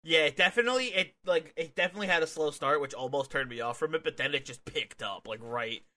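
A man's voice: fairly high pitch, fast talker. A young man co-hosting a podcast, casually reviewing a wrestling match, laughing often and acting out the wrestlers. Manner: laughs often, acts out wrestlers in animated bursts. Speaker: podcast co-host.

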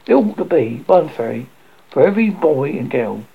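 Reader's take on a cocky storybook boy, bouncy and eager, husky gravelly tone, muffled lo-fi sound. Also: medium pitch, sing-song, moderate pace, full character voice. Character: boastful boy hero, lively and cocky. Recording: dull lo-fi recording.

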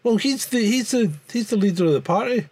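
A man's voice: high voice, animated, brisk, a little mellow, no room sound. A Scottish man co-hosting a podcast in casual chat, rambling and restarting his sentences. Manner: rambling, repeats words, frequent restarts. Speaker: podcast co-host.

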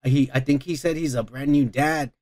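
A man's voice: mid-range voice, steady tone, moderate pace, a little mellow, no room sound. A man hosting a casual podcast, rambling and cursing as he reads out listener comments. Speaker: podcast host.

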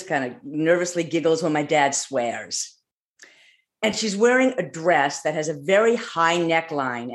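A man's voice: fairly high pitch, a bit bright. A man telling a personal story in a wry, detailed, conversational way. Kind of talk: personal story told on stage.

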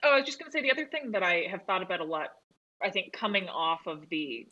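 A woman co-hosting a podcast in casual film talk, chatty and quick to laugh, swearing freely. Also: fairly low pitch, big pitch swings, sharp tone, highs cut off. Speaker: podcast co-host.

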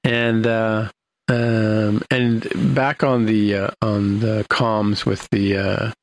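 A man's voice: on the low side, level tone, very slow, low-quality recording. An older man casually recapping a TV episode, rambling with many fillers and restarts.

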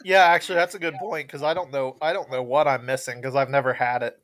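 A man, co-hosting a podcast in casual chat and telling rambling, animated stories. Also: medium pitch, fast talker, no echo. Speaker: podcast co-host.

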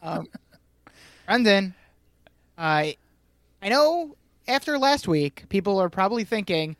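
Animated male podcast host. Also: sits high, takes it slowly, pauses often, no echo. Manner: animated, jokey, laughs often. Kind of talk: casual chat.

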